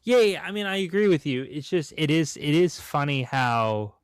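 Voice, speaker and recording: Relaxed man chatting about a film. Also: fairly high pitch, moderate pace, clean tone, dry recording, studio quality. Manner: relaxed, asks questions, agrees readily. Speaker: podcast co-host. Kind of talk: casual movie discussion.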